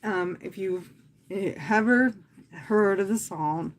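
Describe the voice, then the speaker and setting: Earnest woman talking softly on a livestream. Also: medium pitch, a little hiss or hum. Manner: earnest and heartfelt, speaking softly and slowly with pauses. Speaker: fitness instructor and livestream host. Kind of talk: casual livestream talk.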